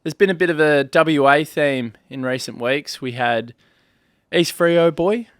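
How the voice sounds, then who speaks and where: An Australian man hosting a casual podcast, chatty and quick with banter. His voice sits fairly high for a man. The recording is dry and close. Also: clean tone, no room sound. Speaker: podcast host. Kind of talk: casual chat.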